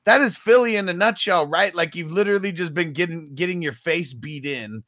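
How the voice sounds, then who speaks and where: A man's voice: on the high side, fairly quick, sharp tone, dry recording, studio quality. A man chatting casually as a podcast co-host, laid-back, laughing a lot and swearing freely. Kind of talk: casual chat.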